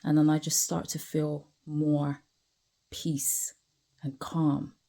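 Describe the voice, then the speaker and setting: A woman speaks in a low, dark, gravelly voice. She is tired and talks candidly, with lots of asides to the listener and repeated phrases. She is sitting outside while she vlogs. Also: little pitch movement, a little slow. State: tired, yawning. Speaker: vlogger. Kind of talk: reflective personal vlog.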